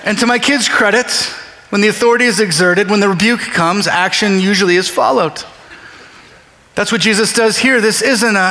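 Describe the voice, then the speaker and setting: Delivered at a moderate pace, this sermon comes from a man with a high, bright, forceful voice who speaks conversationally and performs bits of dialogue in different voices. A big hall's lingering reverb fills the recording.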